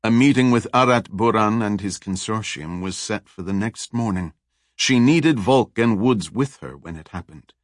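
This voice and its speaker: A man narrating a thriller audiobook in a steady, even reading. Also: fairly low pitch, normal speed, dry recording, studio quality.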